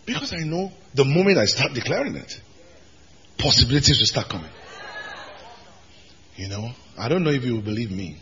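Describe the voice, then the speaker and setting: A pastor delivers an emphatic sermon, his voice leaping between high shouted declarations and quieter low asides. His tone is bright and ringing. The sound carries a long reverb, as in a large church hall. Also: sing-song, moderate pace, long pauses, muffled recording, a little hiss or hum.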